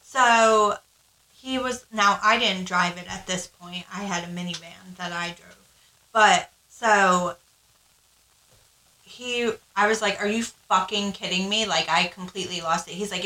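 A woman's voice: lowish voice, normal speed, sharp tone, echoey room, poor audio. A woman co-hosting a podcast, telling her story in casual, frank chat, swearing freely and acting out what people said. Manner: frank, swears freely, acts out quoted lines. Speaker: podcast co-host.

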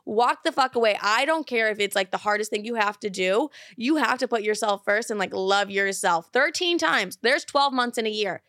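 A woman's voice: mid-range voice, moderate pace, few pauses, a bit bright, dry recording, clean studio sound. Blunt, swearing young woman host. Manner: blunt, profane, emphatic. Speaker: advice podcast host. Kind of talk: blunt casual advice.

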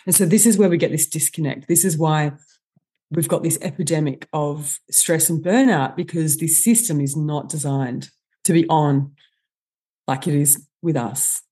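A woman, a guest expert on stress, explaining with animated enthusiasm in a podcast interview. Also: low-pitched, normal speed, slightly rough. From Australia.

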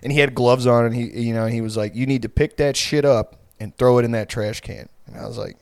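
Podcast co-host, twenties, male, casual and profane, rambling storyteller, mid pitch, dry close mic. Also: steady tone, brisk, a little mellow, clear, resonant tone, no echo. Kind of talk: casual chat.

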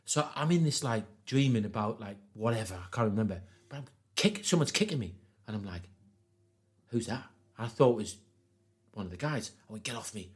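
A man telling a comic story, animated, acting out the voices and swearing freely. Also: on the low side, brisk.

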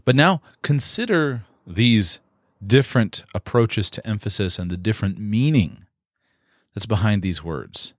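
A man with a fairly low voice and big pitch swings gives an instructional talk, explaining points step by step in a measured, deliberate way with occasional fillers. The recording is dry and close, with no room sound.

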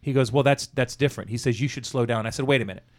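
A man's voice: mid-range voice, rapid-fire. A man telling a profanity-laced story about an old job in casual conversation, acting out the dialogue. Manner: profane, animated anecdote-telling with quoted dialogue.

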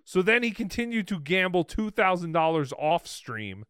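A man's voice: sits high, very animated, normal speed, fairly bright tone, clean tone, dry recording. A man hosting a show, giving casual, dry and sarcastic commentary over a clip. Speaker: show host.

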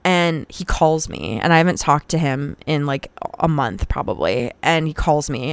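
A young woman hosting a podcast tells a personal story frankly and casually, with profanity, and gets heated when she retells arguments. Her deep voice is animated and shows vocal fry, and she speaks at normal speed with few pauses. A little hiss or hum can be heard.

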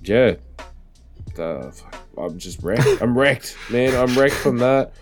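A man's voice: medium pitch, lively intonation, slow pace, soft background music. A man, chatting casually as a podcast co-host, rambling and swearing freely. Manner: rambling, swears freely, acts out quoted lines loudly. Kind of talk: casual chat.

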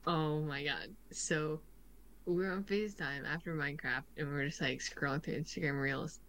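A woman's voice: deep voice, moderate pace, fairly bright tone. A young woman co-hosting a podcast, telling stories and teasing her friend in casual chat. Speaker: podcast co-host.

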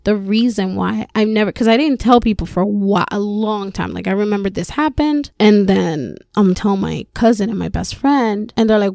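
Young female podcast host, frank and profane, gravelly tone, dry recording. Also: medium pitch, moderate pace, darkish tone, dry recording. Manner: candid, swearing, laughs often. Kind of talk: candid personal storytelling.

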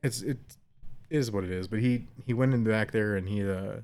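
A man's voice: on the low side, a little fast, a little mellow. A man in his thirties hosting a casual podcast chat, rambling through a family story with frequent laughs. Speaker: podcast host, father.

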